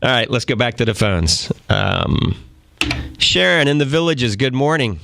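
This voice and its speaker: A man's voice: medium pitch, animated, unhurried, vocal fry, fairly bright tone, slight background noise. A man with a Cajun New Orleans accent hosting a live call-in radio show, chatty and folksy, often checking in with "all right?". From Louisiana. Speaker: radio talk show host and doctor.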